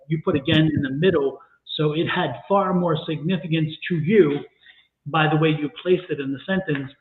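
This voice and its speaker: A man co-hosting a livestream tarot reading, deliberate and emphatic with a wry edge. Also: on the high side. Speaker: tarot reader and co-host. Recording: tinny phone-like sound in an echoey room.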